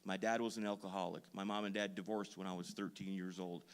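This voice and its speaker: Low-voiced man preaching a story sermon. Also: flat delivery, fast talker, clean tone. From Duluth, Minnesota. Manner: storytelling, self-deprecating, builds to loud emphasis. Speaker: pastor. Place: church sanctuary.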